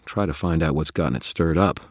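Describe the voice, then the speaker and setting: A man voicing a calm, devout knight with an earnest, composed manner for an audiobook. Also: a bass voice, fairly quick, dry recording, studio quality. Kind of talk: audiobook character voice.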